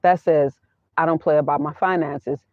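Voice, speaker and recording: A woman's voice: low voice, fairly even intonation, normal speed, no room sound. A woman vlogger chatting casually about money, blunt and emphatic, repeating her points, recorded inside her minivan. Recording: tinny phone-like dry sound.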